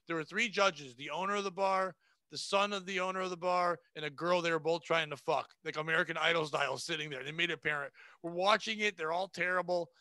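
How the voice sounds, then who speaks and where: A man's voice: fairly high pitch, fast, bright, forceful tone, no room sound. A man in his forties, a comedian guest telling profane, brash stories in a casual podcast chat. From New England. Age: 40s.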